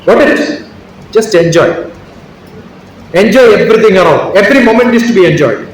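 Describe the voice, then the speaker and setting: A man's voice: sits high, lively intonation, normal speed, a little hiss or hum. A man giving a motivational talk to teachers, throwing rhetorical questions at the audience. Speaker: speaker at a teachers' workshop. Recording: very echoey hall, voice from far off.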